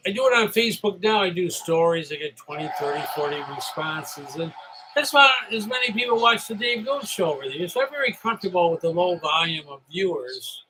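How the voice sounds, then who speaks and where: A man's voice: fairly high pitch, pushed and bright, slight background noise, rough recording. A middle-aged man from upstate New York hosting a solo live stream, rambling and chatty after a few drinks. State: slightly tipsy.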